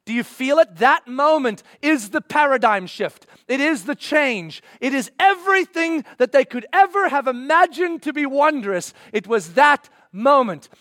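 A man preaching a sermon, acting out scenes in voices and swinging from loud bursts to hushed, slow passages. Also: very high voice, animated, no echo, studio quality.

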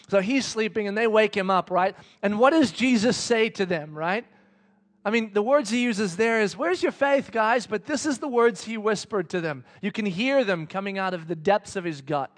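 Brief: male pastor, slightly higher voice, lively sermon storyteller who drops to near-whispers. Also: normal speed. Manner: animated storytelling, swinging from loud excitement to hushed whispers; casual, chatty phrasing.

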